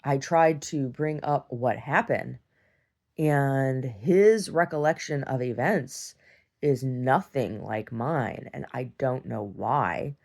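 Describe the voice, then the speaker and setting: A young woman with a very deep, slow, slightly mellow voice and vocal fry records a meandering personal video diary. Her rambling talk is full of "like"s, restarts and casual swearing.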